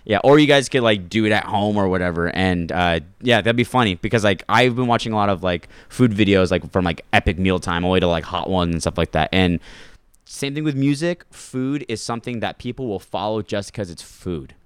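A man's voice: fairly low pitch, brisk, clean tone, dry recording, clean studio sound. A young man, a comedian, telling rambling stories in casual podcast chat, full of filler words. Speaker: comedian guest.

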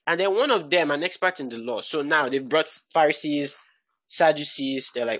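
A man teaching the Bible in a lively, conversational way, laughing often and stressing key words. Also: on the high side, normal speed, no echo.

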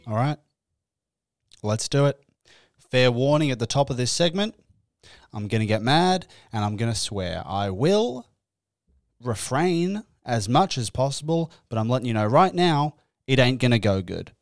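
A young man hosting a comedic podcast, telling a story in an animated, exasperated way and swearing freely. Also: mid-range voice, moderate pace, no room sound, studio quality. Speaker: podcast host. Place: indoors.

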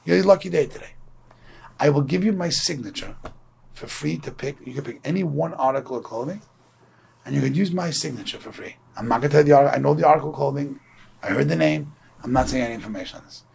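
Speaking quickly in a mid-range voice with vocal fry, a Torah teacher from Brooklyn, New York, delivers a casual lecture. He tells stories conversationally and acts out quoted people's voices over slight background noise.

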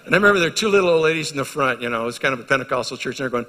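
A middle-aged male pastor preaching a sermon, telling a story and moving from hushed to loud and emphatic. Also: a little high, lively intonation, very fast. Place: church hall. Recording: reverberant church hall.

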